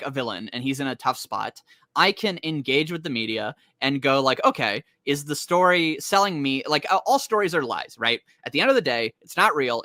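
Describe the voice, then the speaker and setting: A man chatting casually on a podcast about comics, laughing often and talking in an animated way. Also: medium pitch, no echo. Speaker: podcast co-host. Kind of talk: casual chat.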